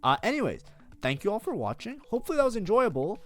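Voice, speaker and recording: A man's voice: sits high, wildly swooping pitch, quick pace, faint music behind. A man reviewing his own match as a streamer, swearing freely, bursting into frustrated outbursts and blaming himself. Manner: self-critical, talks constantly. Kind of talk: casual gameplay commentary.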